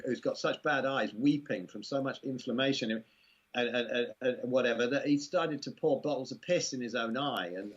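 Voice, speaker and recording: A man's voice: medium pitch, slightly rough. A man with an English accent, a guest in a casual interview, talking in long rambling runs full of "you know" asides. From England. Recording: muffled lo-fi recording.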